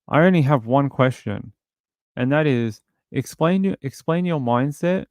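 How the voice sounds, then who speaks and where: An Australian man hosts a casual true-crime livestream, reading out viewer comments and reacting with blunt indignation. His voice is smooth and resonant, and his pitch sits in an ordinary middle range. The sound is dry, with no room echo. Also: a little mellow. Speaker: livestream host.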